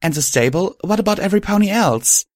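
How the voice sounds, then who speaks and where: A man voices an earnest, emotional young winged pony hero in an eager mood, pitched above his own voice yet close to an everyday sound. His mid-range delivery is lively, fairly bright and at normal speed, recorded dry with studio quality.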